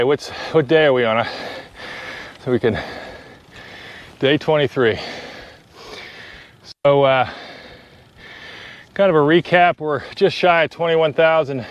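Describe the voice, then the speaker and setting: A man's voice: on the high side, dull audio. A man on a bicycle outdoors, live-streaming a charity ride, out of breath and chatting casually between climbs. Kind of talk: casual live-stream chat while riding. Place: outdoors on a bicycle on country roads.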